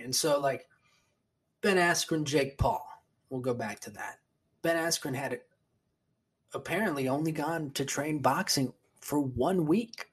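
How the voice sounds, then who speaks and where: A husky, mid-range voice comes from a man hosting his podcast alone. He rambles in a casual chat, swearing a lot and starting sentences over.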